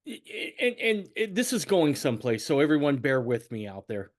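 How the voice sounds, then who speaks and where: A middle-aged man hosting a podcast, telling a family story in casual conversation, repeating words and rambling. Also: fairly quick. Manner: rambling, repeats words, animated swings in pitch. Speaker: podcast host.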